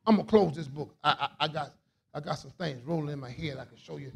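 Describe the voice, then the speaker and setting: A man preaching a sermon as a bishop, in a call-and-response style that swings from quiet asides to shouts. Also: a little high, quick pace, gravelly, husky.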